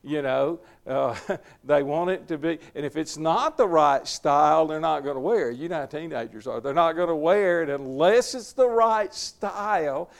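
A middle-aged man with a drawl teaches scripture in an easygoing, folksy way, often chuckling. His voice sits a little high and carries a gravelly rasp. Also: moderate pace. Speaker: preacher leading a Bible study. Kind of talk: informal Bible teaching.

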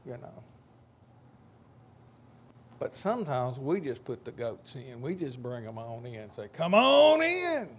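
A man's voice: mid-range voice, animated, a little mellow, a little hiss or hum. Folksy older man preaching. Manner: folksy, joking asides to the congregation; slows down and rises to stress key words. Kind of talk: informal sermon with a told joke.

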